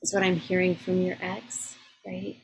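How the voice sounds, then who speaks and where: A woman's voice: on the low side, completely flat delivery, normal speed, vocal fry, a little hiss or hum, poor audio. A woman co-hosting a podcast in casual conversation, responding in a reflective, affirming way. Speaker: podcast co-host.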